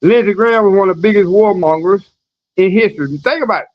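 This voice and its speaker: A man with a high-pitched voice hosts a live news stream, reading articles aloud. He keeps breaking off into loose, mocking commentary with chuckles and restarts. The audio is dull and lo-fi. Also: fast.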